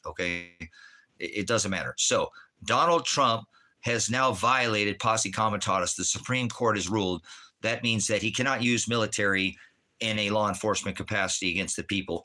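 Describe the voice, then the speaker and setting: A man's voice: lowish voice, normal speed, pushed and bright. A man hosting a livestream from Oregon, ranting angrily and swearing at chat viewers. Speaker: livestream host reading chat. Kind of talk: profane ranting livestream talk.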